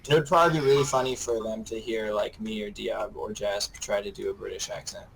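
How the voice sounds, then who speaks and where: A man's voice: on the low side, fairly even intonation, fairly quick, vocal fry, crowd noise, rough recording. A man co-hosting a podcast in casual chat, brainstorming ideas and laughing often. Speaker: podcast co-host.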